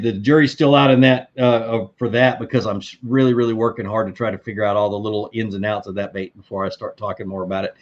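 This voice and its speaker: A man's voice: lowish voice, highs cut off. A middle-aged man hosting a live fishing stream, chatting casually and answering viewer questions with many fillers and restarts. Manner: rambling, relaxed, lots of fillers and restarts. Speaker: fishing livestream host.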